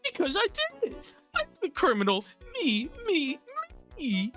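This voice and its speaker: A woman's voice: high-pitched, big pitch swings, measured pace, fairly bright tone, soft background music, full character voice. A woman voicing a jittery young man who keeps insisting he is guilty, stammering as she reads game lines aloud. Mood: insistent. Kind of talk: reading game dialogue aloud.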